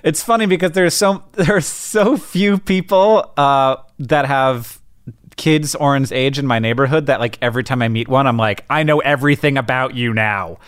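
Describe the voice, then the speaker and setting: A middle-aged American man co-hosting a podcast in casual chat, lively and wry, laughing easily. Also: medium pitch, moderate pace, clean tone, no room sound, studio quality. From United States. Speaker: podcast co-host.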